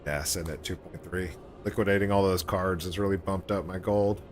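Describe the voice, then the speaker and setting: A man's voice: low voice, fairly even intonation, brisk, background noise. A man hosting a casual game livestream, chatting in a laid-back way and laughing often. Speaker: streamer.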